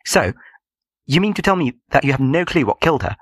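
A man's voice: a little high, big pitch swings, fairly quick, no room sound, clean studio sound, voice pushed up. A man voicing a blunt teenage schoolboy questioning skeptically.

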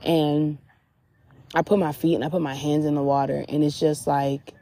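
A woman with a low, mellow voice talks through a casual spiritual reflection. She speaks candidly and chattily, her sentences full of "like" fillers. She is recording outdoors at a beach. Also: level tone, normal speed, dry recording. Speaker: podcast host.

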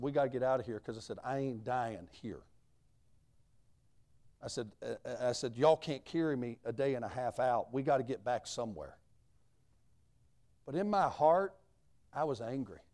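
A man's voice: medium pitch, fairly quick, a little mellow. A man in a mid-range voice preaches a sermon as a missionary. He tells the story in a plain, folksy way, with country grammar.

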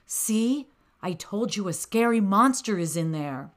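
A woman's voice: medium pitch, lively intonation, a little slow, voice pushed up, lightly acted. A woman voicing an eager little boy cub in a storybook. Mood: excited.

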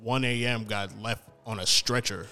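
A man chatting casually with friends, telling animated slang-filled stories and acting out other people's voices. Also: on the low side, normal speed. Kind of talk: casual chat, storytelling.

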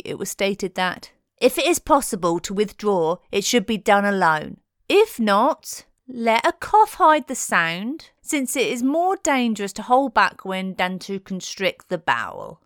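A woman's voice: medium pitch, clean tone, no room sound, clean studio sound. A woman presenting in a playful, cheeky tone, reading a scripted narration.

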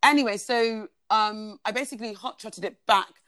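Woman, podcast guest, chatty storytelling, mid pitch. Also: moderate pace, a bit bright, dry recording. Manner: chatty, fillers of "like" and "basically". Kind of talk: personal storytelling in conversation.

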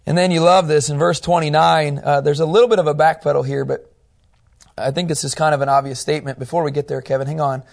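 A man teaching a Bible class, animated and asking his students questions as he goes. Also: a little high, brisk, gravelly.

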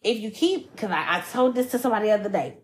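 A woman's voice: mid-range voice, fast, slight background noise. A woman podcast co-host chatting casually, wisecracking and swearing freely as she gives blunt advice. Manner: animated, profane, wisecracking. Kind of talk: casual chat. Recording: echoey room.

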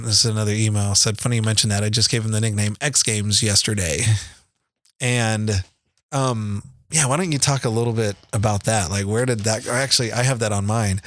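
A man's voice: fairly low pitch, a bit bright, no room sound, studio quality. A middle-aged man telling family stories on a casual podcast, rambling with frequent restarts and easy laughs. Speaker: podcast co-host, father. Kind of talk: casual storytelling chat.

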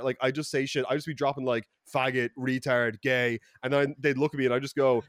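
A young Irish man telling stories in casual podcast chat, rambling and swearing, with lots of fillers and loud outbursts. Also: medium pitch, brisk, no echo. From Ireland. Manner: profane, rambling, many fillers and restarts, loud bursts when excited. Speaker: podcast co-host.

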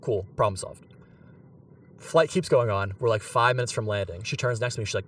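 A man's voice: medium pitch, a little fast, slight background noise. Young guy from pittsburgh rambling through a funny story, laughs a lot, bit far from the mic. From Pittsburgh, USA. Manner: animated, laughs mid-story, many fillers. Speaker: podcast co-host. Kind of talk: casual storytelling.

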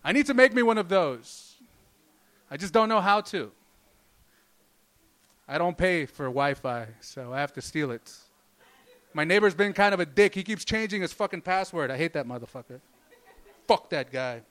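A man's voice: high voice, animated, moderate pace, pauses often, fairly bright tone. A man doing a stand-up comedy set, rambling loosely and swearing constantly. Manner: profane, rambling, loose delivery.

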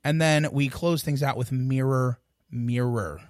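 A man's voice: mid-range voice, a little slow, no room sound, studio quality. A man co-hosting a music podcast in a casual, joking, rambling way, poking fun at himself. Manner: joking, rambling, self-deprecating. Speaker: podcast co-host.

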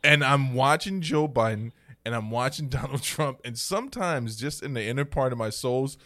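A man co-hosting a podcast, excitable and quick to laugh as he tells stories in casual chat. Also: medium pitch, no room sound, studio quality. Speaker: podcast co-host.

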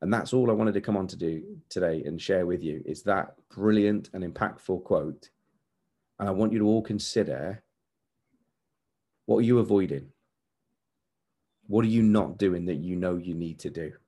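A man's voice: low voice, moderate pace, pauses often, warm tone. A man in his forties hosting a podcast, giving an earnest, candid motivational monologue with repeated emphatic phrases. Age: 40s. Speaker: podcast host.

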